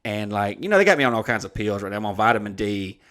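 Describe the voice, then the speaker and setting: A man's voice: on the low side, big pitch swings, fast talker, a bit bright. A man, telling stories in a rambling, profane, laid-back way as co-host of a casual chat. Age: 30s. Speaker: podcast co-host.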